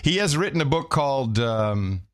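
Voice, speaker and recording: Brief: male podcast co-host, animated swooping delivery, teasing. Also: mid-range voice, normal speed. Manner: playful, mocking, laughs often. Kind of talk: casual chat.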